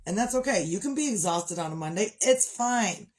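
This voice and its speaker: A woman's voice: mid-range voice, lively intonation, moderate pace, darkish tone, a little hiss or hum. A middle-aged woman chatting casually on a livestream, tired, rambling and sighing as she talks. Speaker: livestream host. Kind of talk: casual chat.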